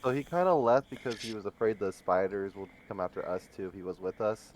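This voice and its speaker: Low-voiced man playing a tabletop game. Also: fast talker, slight background noise, rough recording. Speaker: player. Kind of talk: casual tabletop chat.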